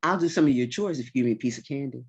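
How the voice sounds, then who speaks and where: A woman's voice: rumbling low, very fast, a little mellow, breathy edge, heavily acted. A woman voicing her younger self as a child who begs for candy and complains indignantly that things are unfair. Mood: pleading. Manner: pleading, indignant.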